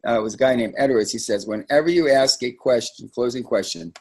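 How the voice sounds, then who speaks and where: A man's voice: mid-range voice, fairly quick, a little mellow. A man hosting a live sales training call for his team, talking in a conversational, emphatic way with frequent asides.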